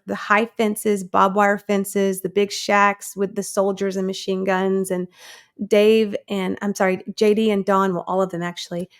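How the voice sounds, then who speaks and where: A woman in her thirties, a guest in an interview, telling her own story earnestly and acting out the people she quotes. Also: medium pitch. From United States.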